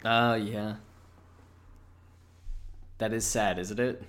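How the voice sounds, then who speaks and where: A man's voice: lowish voice, steady tone, drawn-out words, fairly bright tone. A man co-hosting a podcast in casual chat, laid-back and freely profane. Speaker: podcast co-host.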